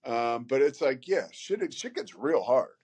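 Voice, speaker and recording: A man's voice: mid-range voice, sing-song, a little slow, darkish tone, husky. A man speaking as a podcast guest in casual conversation, candid and rambling, with many fillers and some swearing.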